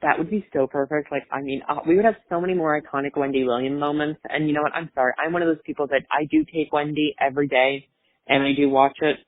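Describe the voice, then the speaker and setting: A man's voice: a little high, steady tone, fast, dry recording. A man hosting a podcast in casual chat, rambling and chatty with fillers, over a tinny phone-like line. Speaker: podcast host.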